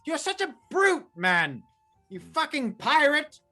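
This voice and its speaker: A pompous villain wizard with a high, bright, strained voice, put on by a man running a tabletop game. He whines and shouts with wild swings in pitch, and he swears at every setback. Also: very animated, very slow, soft background music, full character voice. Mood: outraged. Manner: loud, whiny, swearing outbursts. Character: pompous male villain wizard, theatrical and easily outraged.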